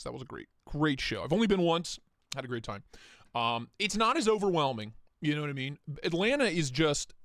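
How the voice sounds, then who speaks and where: Lively, jokey male livestream host. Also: a little high, no room sound, studio quality. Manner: jokey, rambling, greets viewers by name. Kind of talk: casual livestream chat.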